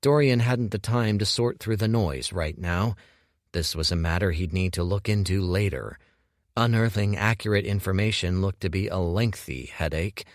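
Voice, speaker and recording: A man narrating an audiobook with measured, expressive storytelling on a close studio mic. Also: low-pitched, no room sound. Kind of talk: scripted narration.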